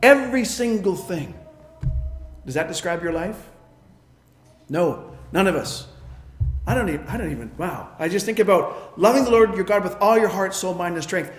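A man preaching a sermon, emphatic, swinging between loud declarations and quiet asides. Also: high voice, roomy sound. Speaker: pastor.

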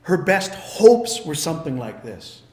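A man's voice: a little high, big pitch swings, a little slow, a little mellow, echoey room, in a large hall. A man preaching a sermon, telling a story and acting out the characters' lines.

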